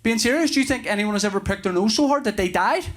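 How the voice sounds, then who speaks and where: A man's voice: high-pitched, expressive, fast, heavy background noise, pitched above the performer's own voice. A man voicing his curious three-year-old son. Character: excited three-year-old little boy.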